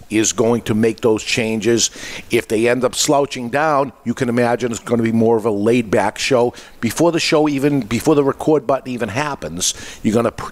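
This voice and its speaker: A man hosting a podcast, giving an instructional talk in an explanatory way with frequent restarts mid-phrase. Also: medium pitch. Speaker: podcast host. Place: podcast studio.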